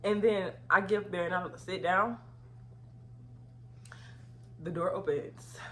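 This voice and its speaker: Young woman, casual storytime vlog, lowish voice, breaks into loud outraged retellings. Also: steady tone, slow, a little hiss or hum. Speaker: vlogger.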